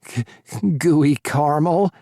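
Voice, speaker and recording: A man's voice: a little high, takes it slowly, mellow, dry recording, clean studio sound, voice pushed up. A male audiobook narrator voicing a shy young male baker who stutters heavily and speaks hesitantly. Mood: nervous.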